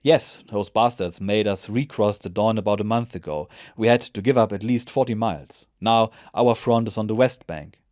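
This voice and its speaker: A man's voice: lowish voice, normal speed, hardly any pauses, a little mellow, dry recording, clean studio sound, lightly acted. A man voicing a tired, wry frontline soldier. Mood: grumbling.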